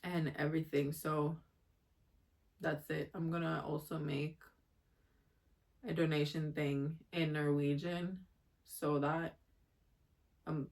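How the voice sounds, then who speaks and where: An emotional woman from Jamaica speaks candidly in a personal vlog, drifting from thought to thought. Her pitch stays flat and even throughout. She talks with open, rambling honesty. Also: slow, gravelly, long pauses. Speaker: vlogger.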